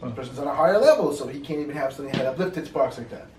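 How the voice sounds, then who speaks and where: A man teaching an informal Torah class, telling stories quickly and animatedly with lots of fillers. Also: a little high. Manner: fast, animated storytelling with many fillers. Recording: echoey room, mic far off, faint noise.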